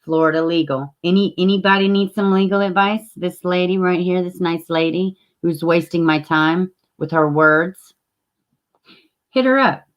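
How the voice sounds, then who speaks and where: A woman's voice: lowish voice, normal speed. A woman hosting a casual live stream, greeting viewers by name and swearing freely. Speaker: livestream host.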